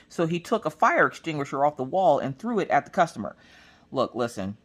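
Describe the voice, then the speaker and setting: A woman crafting vlogger chatting casually, telling family stories with lots of restarts and acted-out voices. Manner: animated, acts out family members in shrill high voices; chatty, with many restarts and "look, listen". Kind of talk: casual storytelling chat.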